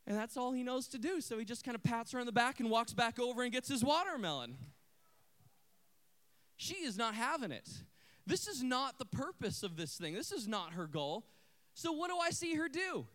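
A male pastor delivering a sermon as a dramatic story. His voice is high and swoops widely in pitch. He drops to a hush, then rises to a loud exhortation. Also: big pitch swings, moderate pace.

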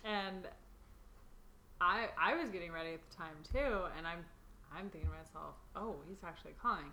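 A young woman with a bright voice tells a story as a podcast co-host, acting out her reactions as she goes. A faint ambient hiss sits behind her. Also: fairly low pitch, normal speed. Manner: animated storyteller, acts out reactions. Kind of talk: casual chat.

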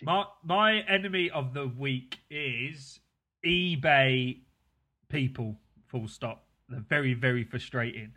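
A man's voice: mid-range voice, slow, pushed and bright. A man hosting a casual podcast chat, talking freely and laughing often. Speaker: podcast host.

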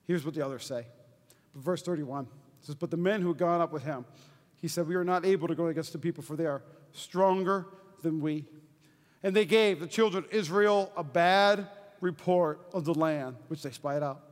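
A man preaching a sermon, energetic, swinging between shouts and hushed lines. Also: a little high, normal speed. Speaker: pastor. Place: church hall. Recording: reverberant hall.

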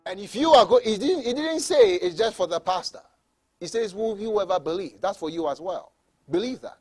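A male pastor preaching a sermon, often repeating words and restarting, moving from soft asides to loud emphatic declarations. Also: high voice, expressive, moderate pace. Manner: repeats words, stammering restarts, laughs between points.

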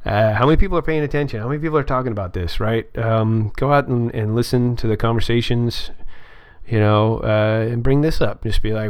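Rambling man with a low, dry voice. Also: clean tone, dry recording. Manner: rambling, halting, many fillers and restarts. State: dry throat. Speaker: podcast host. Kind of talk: casual political chat.

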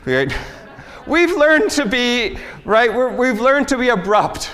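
A man giving a conversational sermon to a live audience, self-deprecating and animated, acting out quoted voices. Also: very high-pitched, slow pace. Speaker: pastor. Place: church hall with audience. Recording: live hall reverb.

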